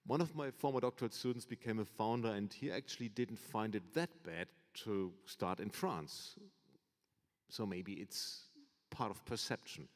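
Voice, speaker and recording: A professor moderating a panel, a man with a fairly low voice. he talks in a measured way and thinks aloud, and a long lecture-hall reverb trails his words. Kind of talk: panel discussion.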